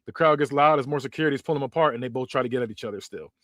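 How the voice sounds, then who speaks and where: A man's voice: mid-range voice, racing, fairly bright tone, dry recording, clean studio sound. A man hosting a podcast, narrating a story casually and hurriedly, with many restarts and self-corrections. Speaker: podcast host.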